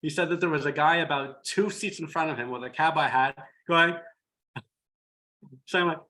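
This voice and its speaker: A man's voice: fairly high pitch, normal speed, long pauses, poor audio. A tired man speaking as a hypnotherapist guest in a casual group discussion, telling stories animatedly on a video call. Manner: animated storyteller, acts out quotes.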